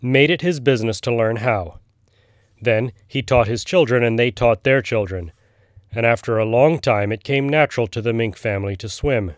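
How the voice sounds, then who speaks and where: A man voicing a gruff, knowing old male frog who tells a tale in a storybook reading. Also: medium pitch, moderate pace, no room sound, clean studio sound, lightly acted.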